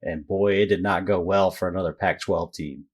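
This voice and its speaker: A man's voice: deep voice, fairly even intonation, normal speed, slightly rough. Man co-hosting a hyped sports podcast. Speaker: podcast co-host. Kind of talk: casual sports chat.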